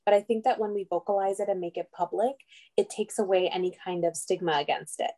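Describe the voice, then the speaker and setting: A woman's voice: medium pitch, steady tone, quick pace, warm tone. A woman as a podcast guest in casual chat, laughing often and using "um" and "literally" a lot.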